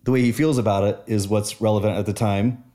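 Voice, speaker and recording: Earnest low-voiced man reflecting. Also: steady tone, fast, mellow. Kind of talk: casual conversation.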